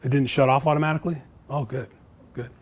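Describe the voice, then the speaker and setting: A middle-aged man teaches a live sales class, telling candid stories from his own work. He often repeats words and restarts as he talks to the room. His voice sits at an ordinary mid pitch. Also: fairly even intonation, fast talker. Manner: candid, storytelling, repeats himself. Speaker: real estate trainer. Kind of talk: live sales training talk. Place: classroom before a live audience.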